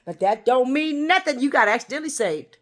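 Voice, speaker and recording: A woman vlogging a rambling, confrontational monologue, swinging between loud outbursts and hushed whispers. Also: sits high, animated, a little fast. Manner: confrontational, addresses unseen listeners.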